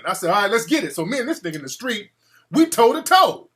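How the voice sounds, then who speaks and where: A man hosting a call-in show, telling a story in an animated, profane way and acting out the quotes. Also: sits high, fast. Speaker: radio show host.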